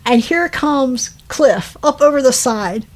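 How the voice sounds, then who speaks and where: A woman's voice: high voice, takes it slowly. A woman casually recapping a movie plot, rambling with fillers, self-corrections and laughing asides. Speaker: podcast co-host.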